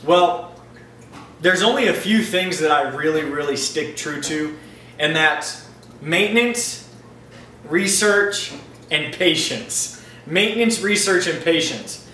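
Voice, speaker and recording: A man with a slightly high, expressive, bright and pushed voice speaks slowly from far off the mic, answering viewer questions about his aquarium in a casual, upbeat video chat. His manner is chatty and loose, like a relaxed Q&A vlog. The room echoes, the mic sits back, and there's faint ambient noise.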